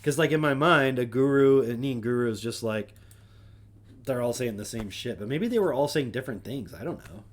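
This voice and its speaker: A streamer host with a mid-range voice talks fairly quickly in a casual solo chat on his own stream. He reads names from a list wryly and offhandedly, murmuring dry asides under his breath.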